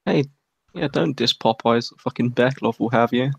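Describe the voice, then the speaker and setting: A man's voice: mid-range voice, normal speed, gravelly, slightly rough, dry recording. A man with an English accent, co-hosting a livestream in crude, sarcastic casual chat. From England. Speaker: livestream co-host.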